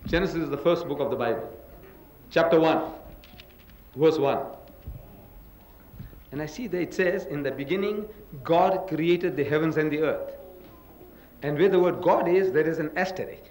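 A man's voice: on the high side, normal speed, long pauses, a little mellow, a little hiss or hum, rough recording. An older man giving a public religious lecture, emphatic and full of rhetorical questions. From South Africa.

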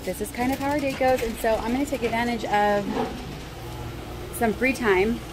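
A woman talks through her family morning for a vlog. She switches between chatting to the camera and firmly guiding her small child. Street noise sits clearly behind her voice. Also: fairly high pitch, moderate pace. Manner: chatty, scolding then coaxing her toddler. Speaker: vlogger and mother. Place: outdoors by a street.

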